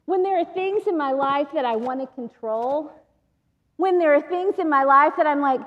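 A woman giving a sermon to women, telling a personal story in an animated way and laughing often. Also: very high voice, moderate pace, lo-fi sound. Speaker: women's ministry speaker. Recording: long reverb of a large hall.

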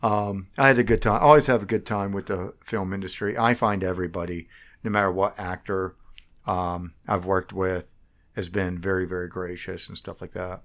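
A middle-aged man talking about himself as a political candidate in a casual interview, halting and rambling with frequent restarts. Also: sits low, steady tone, fairly bright tone.

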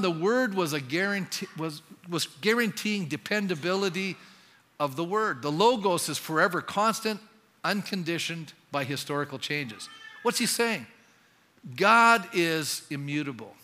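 A man preaching a sermon as pastor, emphatic and animated, often putting questions to his congregation. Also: high-pitched, unhurried, big-room sound.

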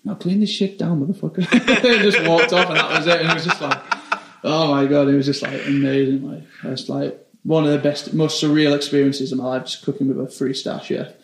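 A young British chef telling stories in a casual interview, rambling and filling every phrase with "like". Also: male voice, on the high side, a little fast, a bit bright, echoey room, a little hiss or hum. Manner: rambling, says 'like' constantly.

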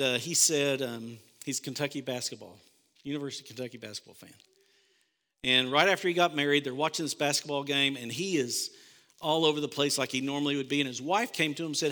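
Bright-voiced male pastor preaching. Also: on the high side. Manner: conversational preaching, animated storytelling. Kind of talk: sermon.

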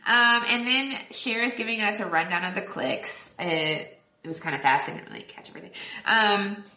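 A woman co-hosting a podcast, recapping a film in casual chat, quoting characters in quick voices and laughing often. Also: medium pitch, sharp tone, roomy sound. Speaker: podcast co-host.

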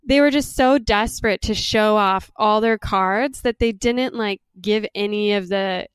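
A woman's voice: medium pitch, measured pace, clear, resonant tone, no echo, studio quality. A woman co-hosting a casual podcast about TV shows, giving opinionated takes with frequent "like" fillers. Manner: opinionated, laughs often, "like" fillers. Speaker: podcast co-host. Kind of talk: casual chat reviewing TV shows.

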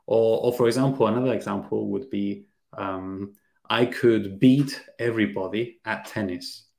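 A man's voice: lowish voice, fairly even intonation, normal speed, gravelly, a little mellow. Roomy-sounding man teaching English. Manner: laughs easily, explains with examples. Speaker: podcast host, English teacher. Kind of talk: casual teaching chat. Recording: roomy echo.

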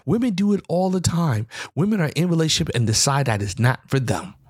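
A man's voice: fairly high pitch, animated, a little fast, a little mellow, slightly rough, no room sound, studio quality. A man talking alone on his podcast in a heated, rambling opinion monologue, repeating himself as he makes his points. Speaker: podcast host.

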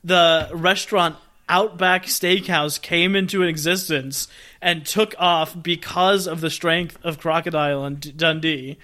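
A man's voice: on the high side, steady tone, a little slow, sharp tone. A man co-hosting a casual film review podcast, explaining scenes with enthusiasm and chuckling as he talks. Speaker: podcast co-host.

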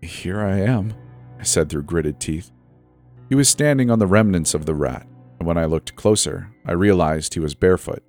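A man's voice: deep voice, expressive, moderate pace, darkish tone. A man narrating a first-person horror story in a tense, storytelling delivery. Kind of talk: scripted narration. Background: faint background music.

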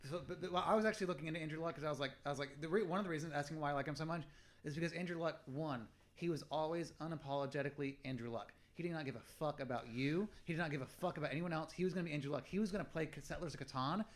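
A man's voice: on the high side, very fast. A man co-hosting a casual sports podcast, rambling and swearing freely as he talks football. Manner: rambling, profane, restarts often. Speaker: podcast co-host.

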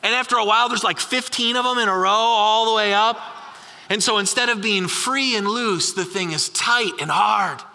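Bright, high-voiced man preaching in a hall. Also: gravelly. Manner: conversational, repeats questions, slows down for emphasis. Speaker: pastor. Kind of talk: sermon. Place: large church hall. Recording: long reverb of a large hall.

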